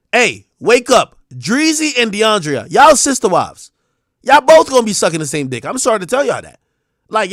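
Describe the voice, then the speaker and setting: A young man hosting a livestream, ranting bluntly and swearing, dropping to mumbles and then rising to shouts. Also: high voice, no echo, clean studio sound. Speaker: livestream host. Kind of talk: casual livestream rant.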